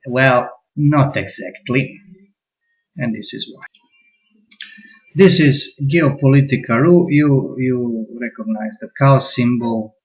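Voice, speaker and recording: A man's voice: medium pitch, slow, muffled recording. A man giving sardonic political commentary, reading quotes aloud and picking them apart, with frequent fillers and restarts.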